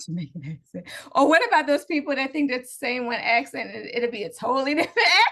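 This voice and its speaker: A woman's voice: sits high, sing-song, brisk, creaky, sharp tone. A woman co-hosting a casual podcast over a video call, telling stories with laughter and acting out quotes. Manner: storytelling, laughing, acts out quotes. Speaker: podcast co-host. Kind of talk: casual chat.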